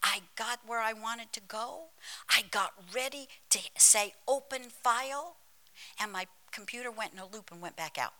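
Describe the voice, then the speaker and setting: A woman pastor preaches a sermon in church, emphatic and storytelling with humor, dropping into dramatic whispers and calling out to the congregation. Her mid-range voice is bright and forceful at a moderate pace. The recording quality is low.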